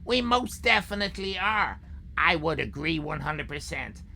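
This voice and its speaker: A woman's voice: low-pitched, big pitch swings, creaky, bright, forceful tone, a little hiss or hum, voice pushed down, heavily acted. A woman doing a drawling southern lady judge. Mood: genteel. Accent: Tennessee drawl (put on). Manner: slow drawl, polite.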